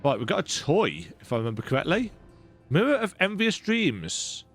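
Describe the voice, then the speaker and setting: A man's voice: a little high, huge pitch swings, moderate pace, fairly bright tone, faint music behind. Wry man commenting on a game. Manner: wry, joking asides. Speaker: let's play host. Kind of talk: casual gameplay commentary.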